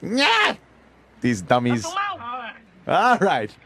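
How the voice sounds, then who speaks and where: A man hosting a radio show, giving a profane, excited running commentary while they watch a film. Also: fairly high pitch, extremely slow, background noise.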